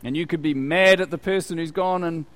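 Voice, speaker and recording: A man's voice: a little high, a little fast, a bit bright. Conversational man preaching a sermon. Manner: conversational, with rhetorical questions.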